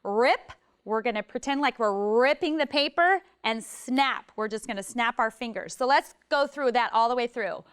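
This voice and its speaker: A woman's voice: on the high side, moderate pace, a bit bright, clear, resonant tone. A woman teaching a children's music and movement lesson, upbeat and demonstrating motions as she talks.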